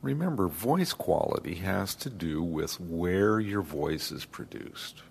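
A man giving a lesson on speech, speaking slowly and deliberately. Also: deep voice, lively intonation, vocal fry, a little hiss or hum. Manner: slow, deliberate, demonstrates voice placement. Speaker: accent teacher. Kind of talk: lecture.

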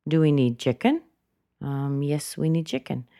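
Slow patient woman teacher, low mellow voice, super dry sound. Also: sing-song, no room sound. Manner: clear, patient, demonstrates intonation by repeating words. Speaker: English pronunciation teacher. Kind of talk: slow explanatory lesson.

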